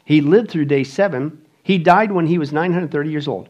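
A man preaching a sermon, emphatic, firing rhetorical questions and swinging between loud bursts and quiet asides. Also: on the high side, lively intonation, moderate pace, highs cut off. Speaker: pastor.

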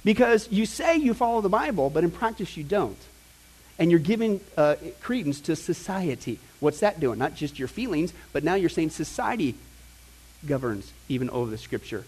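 A middle-aged man preaching and teaching in a conversational, animated way, with asides to the congregation. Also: fairly high pitch, normal speed, husky. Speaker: pastor teaching a Bible class. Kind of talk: sermon.

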